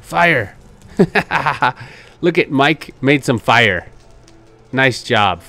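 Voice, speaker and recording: Man, gameplay commentary, very lively pitch, excitable, laughing, faint music behind. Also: very slow. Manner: excitable, often laughing, coaxing and reassuring others. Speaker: gaming channel host.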